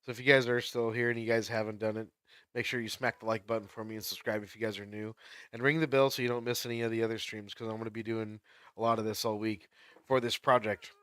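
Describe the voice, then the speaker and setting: A man's voice: lowish voice, flat delivery, fast, fairly bright tone, clean tone, no echo. A man chatting casually on a livestream while he plays, laughing often as he tells stories.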